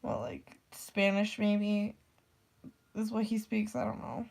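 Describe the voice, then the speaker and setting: A teenage girl in high school, telling a rambling story about her teacher, full of "like" fillers, swearing and quoted voices. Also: slow pace, creaky. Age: teens. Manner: rambling, heavy "like" filler, swearing, animated quoting. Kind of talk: casual storytime rant.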